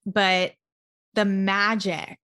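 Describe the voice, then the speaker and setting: Chatty heartfelt woman, mid-pitched. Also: flat delivery, extremely slow, pushed and bright. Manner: chatty, heartfelt, spiritual, full of "like" fillers. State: emotional, near tears at times. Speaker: podcast host. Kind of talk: casual solo podcast monologue.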